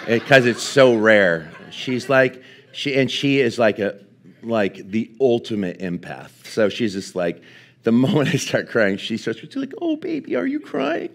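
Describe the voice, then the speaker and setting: In his forties, a pastor preaches in a lowish voice, telling his story animatedly with frequent laughter and lots of casual fillers. When he moves into teaching, he becomes quieter and slower.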